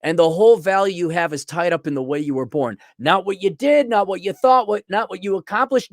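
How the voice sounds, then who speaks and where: A middle-aged podcast host launches into a sarcastic, ranting opinion monologue, mocking others by imitating their voices. His high voice moves quickly with few pauses, captured in a dry, clean studio recording.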